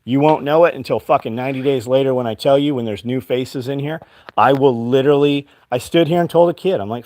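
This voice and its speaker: A man's voice: mid-range voice, fairly quick, a little mellow, dry recording. A man who runs his own company, ranting bluntly and with heavy swearing about work ethic to his livestream audience. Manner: quotes his own past exchanges. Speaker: business owner and show host. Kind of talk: casual livestream talk.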